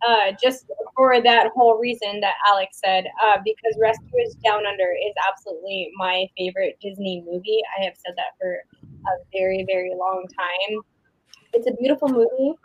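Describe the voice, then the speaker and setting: A woman's voice: medium pitch, dry recording, highs cut off. A woman chatting casually as a panelist, rambling with fillers. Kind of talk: casual chat.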